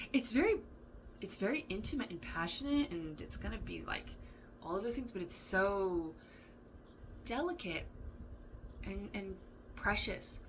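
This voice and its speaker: A woman's voice: medium pitch, slight background noise, poor audio. A woman giving a casual tarot reading, rambling and thinking aloud, with laughs and the odd swear word. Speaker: tarot reader. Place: indoor room with a fan running.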